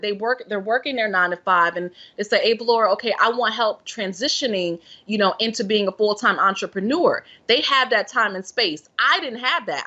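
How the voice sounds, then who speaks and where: Bright-voiced woman telling her story. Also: medium pitch, dull audio. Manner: earnest, expressive storyteller who acts out her past thoughts. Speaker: podcast guest, self-care and meditation guide. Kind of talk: personal story told in conversation.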